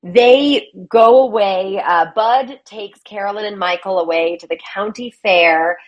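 A woman guest, a playwright and actor, chatting casually and animatedly, slipping into quick character voices as she retells a story. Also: medium pitch, highs cut off. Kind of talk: casual conversational interview.

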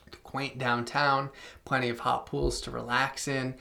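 Young man, podcast host, gravelly voice, casual chatty delivery, filler-heavy, mid pitch. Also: level tone, a little slow, bright, forceful tone. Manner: chatty, filler-heavy, with self-aware plugs and asides. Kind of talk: casual travel podcast talk.

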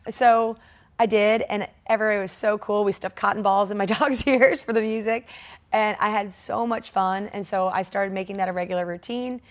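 A woman in her forties telling a personal story in a conversational interview, animated and laughing often as she acts out the voices of people in it. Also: medium pitch, a little fast. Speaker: guest, triathlete.

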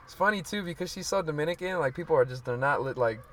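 A man's voice: a little high, animated, fast talker, a bit bright, a little hiss or hum. A young man hosting a podcast in casual chat, laid-back and laughing often. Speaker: podcast host.

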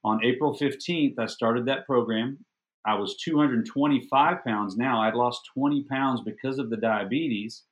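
Middle-aged guy on a podcast, lively storyteller, pokes fun at himself, average pitch. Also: unhurried. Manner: animated, self-deprecating, repeats words when excited. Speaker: podcast guest. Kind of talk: casual personal storytelling.

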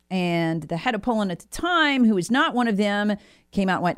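A woman's voice: medium pitch, expressive, a little fast, clean tone, no room sound, clean studio sound. Alarmed, insistent woman commentator. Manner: alarmed, insistent, repeats words for emphasis. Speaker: guest commentator. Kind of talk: emphatic political commentary.

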